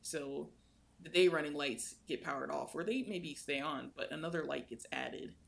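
Young woman, podcast co-host, gravelly fry, lively storyteller. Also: moderate pace. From United States. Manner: animated, swings in pitch while telling a story. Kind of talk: casual storytelling chat.

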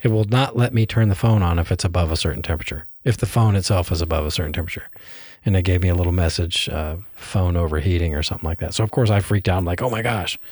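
A man's voice: low-pitched, racing, a little mellow, slightly rough, no room sound, clean studio sound. A man co-hosting a hobby podcast, chatting casually and explaining things with many fillers and restarts. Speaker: podcast co-host.

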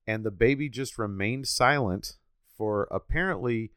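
Co-host, man in his 40s, low voice, dry close mic, loose profane chatter. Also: a little slow, fairly bright tone, clean tone, no room sound. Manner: profane, rambling, chuckling. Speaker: podcast co-host. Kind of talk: casual movie-review chat.

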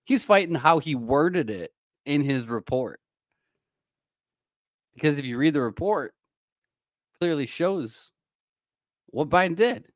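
A man's voice: fairly high pitch, lively intonation. A man co-hosts a loose political chat, stopping and restarting his sentences as he retells what others said. His voice sounds dry and close, with no room echo. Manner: halting, restarts often, acts out quotes. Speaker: co-host. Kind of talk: casual political commentary.

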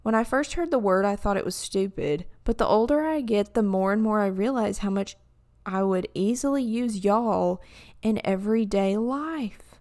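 A woman's voice: mid-range voice, moderate pace. Chatty young woman reading posts aloud. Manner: chatty and animated, many "like" fillers and restarts. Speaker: video creator reading and reacting to opinion posts. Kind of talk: casual reaction chat, reading posts aloud.

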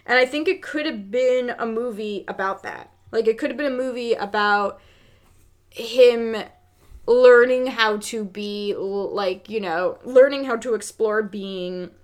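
A woman co-hosting a casual podcast, reviewing a movie in a rambling, sweary, animated way. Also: on the high side, measured pace. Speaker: podcast co-host.

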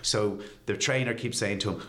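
A man's voice: on the low side, moderate pace. A man co-hosting a podcast, chatting casually and acting out voices and barks as he tells stories. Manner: animated storyteller, acts out voices and barks. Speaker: podcast co-host. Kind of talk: casual chat.

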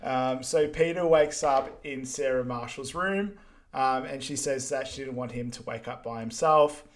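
A man co-hosting a casual film podcast. He recaps the plot in an easy, unhurried way, filling his pauses with ums and keeping the tone conversational. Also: mid-range voice. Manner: relaxed, steady recap with frequent ums. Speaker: podcast co-host.

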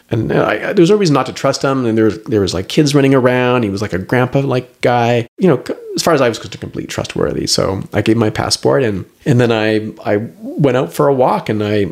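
A middle-aged man, a guest on the show, telling a personal story in an animated, rambling way full of fillers. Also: medium pitch, quick pace, vocal fry, few pauses. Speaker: guest, herbalist. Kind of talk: storytelling in conversation.

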